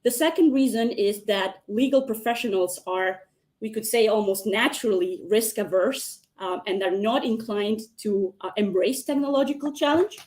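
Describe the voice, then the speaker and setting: A woman speaking as counsel against the motion in a mock hearing. She makes a measured, formal argument over a video call and addresses the tribunal directly. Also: mid-range voice, darkish tone.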